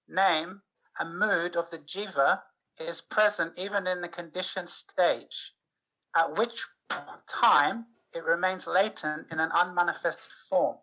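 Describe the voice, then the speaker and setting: A woman's voice: on the low side, a little slow, pushed and bright, highs cut off. A woman, a student in a class, reads a quoted passage aloud and asks a question, somewhat hesitantly. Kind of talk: reading a passage and asking a question.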